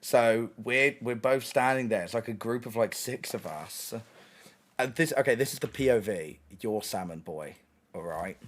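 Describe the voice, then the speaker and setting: A man's voice: mid-range voice, moderate pace. A young man streaming, casually telling a story with lots of swearing, laughter and restarts. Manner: animated, sweary, laughing often, many restarts.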